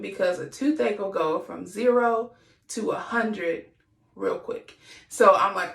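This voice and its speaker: A woman's voice: medium pitch, slow pace, vocal fry, a bit bright, echoey room. A woman podcast host sharing a candid, earnest personal reflection, sometimes acting out what people said. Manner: earnest, confessional, acts out quotes.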